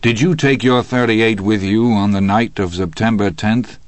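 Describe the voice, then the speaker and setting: A man's voice: lowish voice, normal speed, dry recording, close to an everyday voice. A man voicing a sarcastic, hectoring male prosecutor who fires pressing questions in court.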